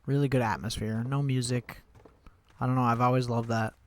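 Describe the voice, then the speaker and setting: A man's voice: medium pitch, steady tone, a little fast. A man streaming a game, thinking aloud in casual commentary with wry, sarcastic asides.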